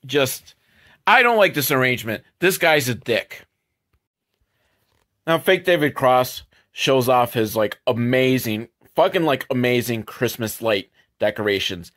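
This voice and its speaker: A man riffs his way through a movie recap with crude, mocking sarcasm. His voice sits at an ordinary middle pitch, leaping upward whenever he lands a jab, and he swears freely as he talks. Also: animated, a little slow, a bit bright. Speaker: movie commentator.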